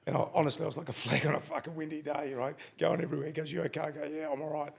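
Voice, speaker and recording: This podcast guest, a middle-aged Australian former fighter, tells a story casually, cursing freely and acting out the quoted parts. His voice sits on the high side, husky and full of vocal fry, with fairly even intonation and a very fast pace.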